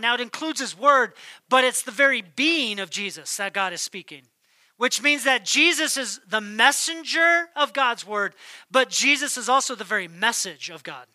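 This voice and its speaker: A male pastor delivers a sermon in a high, strikingly bright voice, recorded close and dry. He drives his points with emphasis, then drops almost to a whisper. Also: animated, moderate pace, dry recording. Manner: emphatic, swings between loud declarations and hushed near-whispers. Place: church.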